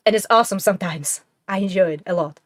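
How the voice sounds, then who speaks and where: A woman commenting while she plays a video game, emotional and quick to exclaim. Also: medium pitch, no room sound. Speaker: gamer.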